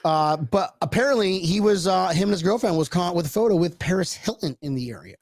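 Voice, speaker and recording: A man co-hosting a casual chat show, talking in an animated way, laughing often and restarting his sentences. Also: high voice, a little fast, no echo, studio quality. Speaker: co-host.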